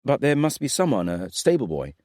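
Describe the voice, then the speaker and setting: A man voicing a proud young prince who speaks in a cold, commanding, measured way. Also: medium pitch, big pitch swings, a little mellow, no room sound, clean studio sound, pitched above the performer's own voice, natural voice. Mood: demanding. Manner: imperious, coldly measured.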